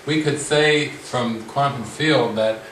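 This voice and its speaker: A man leading a spiritual retreat discussion, speaking slowly and reflectively with frequent restarts. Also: mid-range voice, a bit bright, slight background noise. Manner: slow, reflective, many restarts. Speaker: spiritual teacher. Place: retreat room with a group. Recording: roomy sound from the mic's distance.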